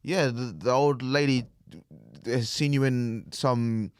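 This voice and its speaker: A man co-hosting a podcast, rambling and swearing casually in relaxed chat. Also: medium pitch, slow, clear, resonant tone, no echo, studio quality. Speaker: podcast co-host.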